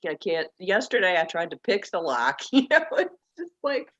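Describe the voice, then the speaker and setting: Woman, lowish voice, self-mocking storyteller, laughs often, muffled call audio. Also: very animated, normal speed, fairly bright tone. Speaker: group member. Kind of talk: casual group video call chat.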